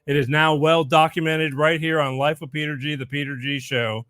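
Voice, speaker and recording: A man's voice: a little high, little pitch movement, normal speed, a bit bright, smooth, dry recording, studio quality. A middle-aged man hosting a podcast, chatting casually and rambling a bit. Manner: rambling, self-interrupting. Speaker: podcast host. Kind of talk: casual chat, telling a joke.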